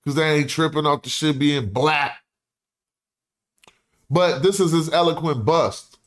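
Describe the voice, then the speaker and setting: A man's voice: a little high, measured pace. A man streaming, telling an old story in slangy casual talk and reading passages aloud, acting out the quotes. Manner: slangy, animated, acts out quotes in put-on voices.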